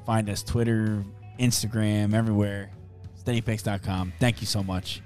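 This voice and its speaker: A man hosting a sports betting podcast, chatting casually and briskly reeling off odds and numbers. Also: fairly low pitch, little pitch movement, a little mellow, faint music behind.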